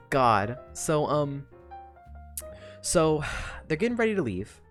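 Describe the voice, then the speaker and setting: A woman's voice: low-pitched, very animated, slow, darkish tone, soft background music. A woman streamer casually recapping a story, profane and emotional, often sighing and laughing between thoughts. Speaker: streamer recapping a web serial.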